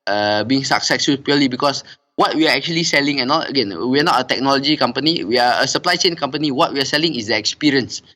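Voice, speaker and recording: A man's voice: medium pitch, fast, sharp tone. A middle-aged man, a company director interviewed as a guest, who talks hesitantly with many fillers and repeated "and all" tags. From Singapore. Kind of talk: casual interview conversation.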